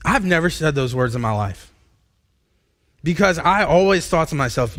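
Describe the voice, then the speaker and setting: A man in his thirties, a pastor, preaching a candid personal testimony in a live church sermon, halting and restarting as he talks. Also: fairly high pitch, lively intonation, fairly bright tone. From United States. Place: church sanctuary.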